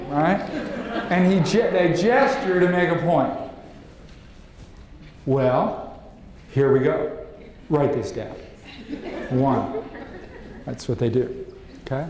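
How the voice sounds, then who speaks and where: A man giving a lively live seminar to an audience, asking the room questions and acting out quotes. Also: on the high side. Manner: animated, acts out quotes, asks the room questions. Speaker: leadership trainer. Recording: very echoey room, faint noise.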